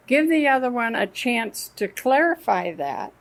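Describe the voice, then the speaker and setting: A woman's voice: fairly high pitch, lively intonation, measured pace, hardly any pauses. Chatty woman co-hosting a talk show. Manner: chatty, telling stories from her own marriage. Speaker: co-host teaching a Christian marriage class. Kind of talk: casual radio discussion.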